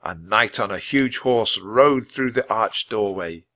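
A man reading a children's storybook aloud at a steady, clear pace for English learners. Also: fairly low pitch, measured pace, dry recording. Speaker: storybook reader. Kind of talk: scripted narration for English learners.

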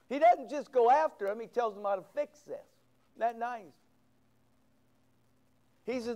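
A man's voice: high voice, normal speed, pauses often, warm tone. A middle-aged man pastor preaching a sermon, quoting scripture with big swings of emphasis.

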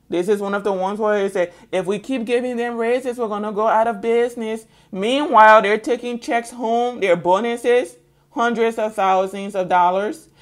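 Emphatic woman giving a tarot reading. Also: mid-range voice. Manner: emphatic, repetitive, keeps checking in with "okay?". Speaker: tarot reader. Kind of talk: tarot reading monologue to viewers.

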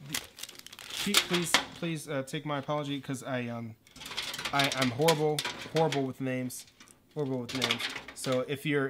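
Man, mid-pitch, chatty and self-deprecating, livestream build chat, faint hiss and clicks behind. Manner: rambling, self-deprecating, easily distracted. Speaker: livestreaming artist.

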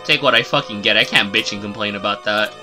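A man's voice: lowish voice, fast, bright, forceful tone, soft background music. A man streaming a video game live, giving profane, exasperated running commentary as he plays.

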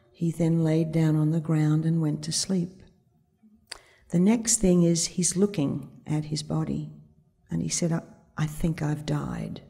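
Before an audience on a conference stage, a woman with a low-pitched, warm voice and a breathy edge gives a storytelling talk. She tells a vivid anecdote, quoting the dialogue within it.

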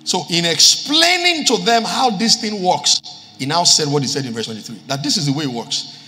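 Preaching to a live congregation in a church hall, a pastor from Nigeria quotes scripture and repeats key lines for emphasis. He speaks at a moderate pace, his voice on the high side, pushed and bright, with lively intonation. The recording carries the hall's reverb and music.

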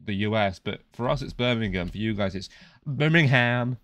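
A man's voice: fairly low pitch, fast. A young British man chatting casually while playing a game, teasing and swearing freely. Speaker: streamer. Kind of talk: casual gaming chat.

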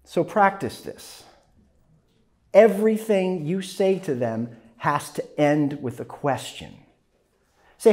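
A man teaching a class, lecturing in an animated way, often tagging his points with "right?". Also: a little high, slow, long pauses. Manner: animated, frequent "right?" tags, acts out phone calls. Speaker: journalism instructor.

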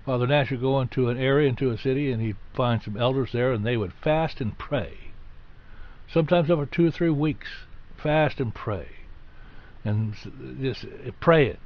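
A man's voice: mid-range voice, moderate pace. A man preaching a sermon, teaching in a conversational way and rising to stress key points. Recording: slightly dull, lo-fi recording.

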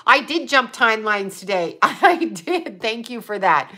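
A woman's voice: a little high, sing-song, a little slow, pushed and bright. A woman hosting a casual livestream, rambling and swearing as she answers chat comments. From Buffalo area, US. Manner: rambling, profane, reads chat comments aloud. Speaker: livestream host.

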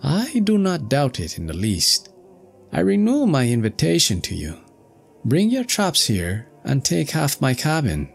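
A man's voice: medium pitch, huge pitch swings, a little slow, creaky, breathy edge, soft background music, pitched above the performer's own voice, heavily acted. A man voicing a cheerful, self-assured ship's doctor with a smug, triumphant way of talking.

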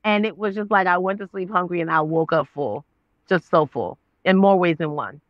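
A woman's voice: fairly low pitch, moderate pace, no room sound, muffled recording. A woman in her thirties, an actress and author, telling her story as an interview guest, acting out past conversations with God. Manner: expressive, acts out her own past dialogue with God. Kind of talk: animated storytelling.

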